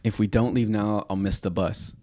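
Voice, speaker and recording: A man's voice: fairly low pitch, fairly even intonation, moderate pace, mellow. A man co-hosting a podcast in casual chat, rambling and restarting his thoughts. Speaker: podcast co-host.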